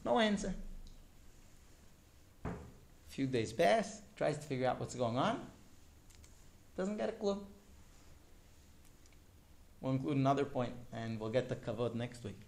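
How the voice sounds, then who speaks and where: A male teacher telling a story to his class in an animated way, often turning to ask the students directly. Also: medium pitch, measured pace, vocal fry, long pauses.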